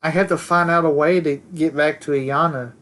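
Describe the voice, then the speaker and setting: A man's voice: a little high, steady tone, normal speed, fairly bright tone. A young man playing a tabletop game, casual and a little hesitant. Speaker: player. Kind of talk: casual play.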